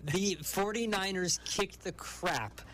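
A man's voice: high-pitched, slow, a bit bright, low-quality recording. A man co-hosting a sports radio talk show, emphatic and exasperated as he hammers home his opinions.

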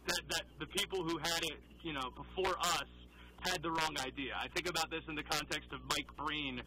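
A raspy man with a high voice argues his sports takes fast and animated on a radio show. His voice rides over a noisy background. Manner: animated, rapid opinionated talk. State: raspy in the morning.

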